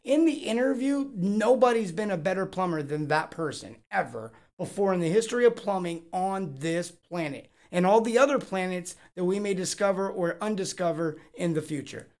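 A man's voice: high voice, animated, moderate pace, few pauses, a little mellow. A man hosting a live Q&A podcast, joking and rambling with lots of energy. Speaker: podcast host. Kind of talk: casual live Q&A chat.

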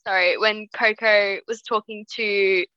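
A woman's voice: mid-range voice, unhurried, no room sound. A woman guest on a podcast, chatting casually and telling funny stories with lots of giggles. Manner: giggly, animated storyteller. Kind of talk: casual chat. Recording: dull lo-fi podcast audio.

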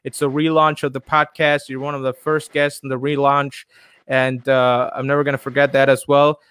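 A man's voice: medium pitch, little pitch movement, moderate pace, fairly bright tone, smooth, no echo. A man from India, hosting a podcast in his home studio in a playful, upbeat way with many fillers. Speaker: podcast host. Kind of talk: casual podcast sign-off.

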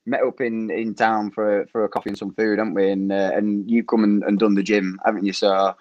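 A man's voice: on the low side, level tone, a little fast. A young man from Preston with a Lancashire accent, a podcast guest telling rambling stories in casual chat and laughing often. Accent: Lancashire English. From Preston, England. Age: young adult. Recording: muffled lo-fi audio.

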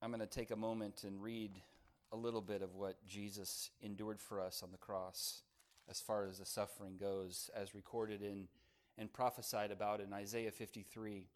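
A man preaching a sermon, climbing loud on key phrases and dropping soft for emphasis, slowing down to stress words. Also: lowish voice, level tone. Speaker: pastor.

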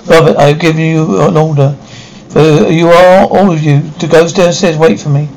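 A middle-aged actor playing a proud, patient but stern inventor father, speaking in measured, formal lines in a 1950s TV drama style. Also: on the high side, fairly even intonation, darkish tone, slight background noise, close to an everyday voice, rough recording. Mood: firm.

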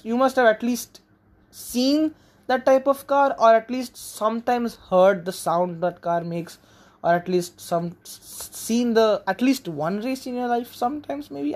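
A young adult from India, hosting a casual solo podcast in a rambling, frank, sometimes profane manner. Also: medium pitch. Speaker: podcast host.

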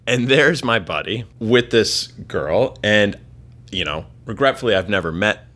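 A man spins a comic story in a relaxed, self-mocking way. His voice sits low but swings freely up and down. The tone is bright and forward. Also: a little slow. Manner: laid-back, self-mocking, acts out friends' lines. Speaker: storyteller guest.

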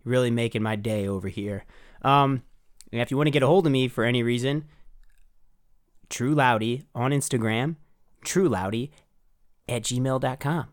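A podcast host putting on a folksy Canadian accent for a cheerful, chirpy sign-off, swearing casually. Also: male voice, medium pitch, normal speed, long pauses, close to an everyday voice. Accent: put-on Canadian.

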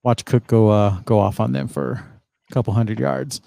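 Give me a man on a podcast with a mellow, warm voice, dry sound, giving short picks. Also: medium pitch, fairly even intonation, moderate pace, creaky, no room sound. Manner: brief picks, many fillers. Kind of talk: casual sports picks chat.

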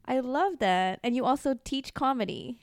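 A woman's voice: high voice, animated, normal speed, dry recording, studio quality. A woman hosting a casual interview, asking teasing, provocative questions. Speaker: podcast host.

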